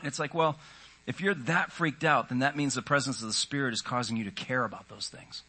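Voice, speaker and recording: A man's voice: medium pitch, a little fast, bright, forceful tone, husky. A man preaching a sermon in an earnest, conversational way, often voicing the inner thoughts of his listeners. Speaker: pastor.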